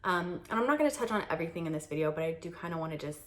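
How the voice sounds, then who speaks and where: A woman's voice: on the low side, animated, very fast, fairly bright tone. A young woman vlogger chatting candidly to a camera on a tripod in a carpeted guest room, rambling with many fillers and laughs. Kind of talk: casual chat to camera.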